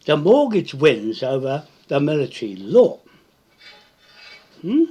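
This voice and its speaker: New man, husky and unhurried, swooping pitch, repetitive confrontational live-video rant. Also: a little mellow. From New Zealand. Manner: repetitive, confrontational, tag questions like "Hmm?". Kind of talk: rambling live-stream monologue.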